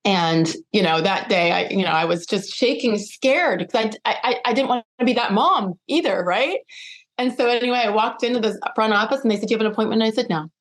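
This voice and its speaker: A middle-aged woman speaking as a podcast guest, telling a personal story with lively, acted-out dialogue. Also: a little high, a little fast. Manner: animated, acts out quoted dialogue.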